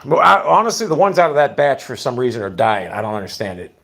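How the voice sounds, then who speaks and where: A middle-aged man talking in a casual, rambling monologue, blunt and full of swearing, often sinking to a low mutter. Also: quick pace, gravelly, a bit bright. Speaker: vlogger.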